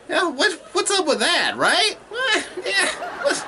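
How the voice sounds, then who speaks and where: A man's voice: very high voice, wildly swooping pitch, slow, noisy background, full character voice. A man playing a boastful adventuring bard doing stand-up comedy, joking and laughing at his own puns. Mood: cheesy.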